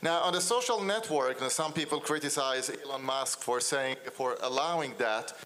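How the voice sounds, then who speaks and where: A man's voice: medium pitch, moderate pace, pushed and bright. A man answering on a conference panel in an articulate, explanatory way.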